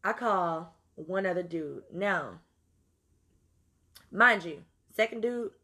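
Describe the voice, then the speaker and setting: A woman telling a story in an animated, profane way, moving between loud outbursts and low asides. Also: takes it slowly. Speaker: podcast host. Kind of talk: storytelling monologue.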